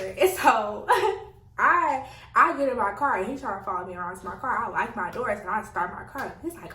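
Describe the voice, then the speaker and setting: A young woman tells a story to her viewers in a casual vlog. She talks in an animated way, laughs a lot and keeps calling out to her viewers. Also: on the high side, normal speed, roomy sound, distant mic, low-quality recording. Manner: animated, laughing often, addresses viewers as y'all. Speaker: vlogger.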